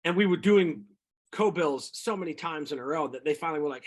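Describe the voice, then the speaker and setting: A middle-aged singer-songwriter telling rambling, animated stories about his music career in a casual interview. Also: fairly high pitch, brisk. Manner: rambling, animated anecdotes with quoted voices.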